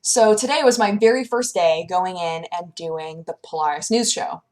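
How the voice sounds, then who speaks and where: A young woman chatting casually in a vlog, lively and animated, acting out the people she quotes in a higher voice. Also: normal speed. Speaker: vlogger.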